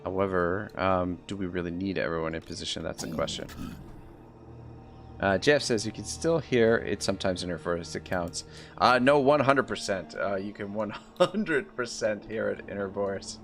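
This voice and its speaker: Low-voiced canadian man streaming a game. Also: normal speed, creaky, soft background music. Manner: rambling, reads chat aloud, many fillers and restarts. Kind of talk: live gameplay commentary, chatting with viewers.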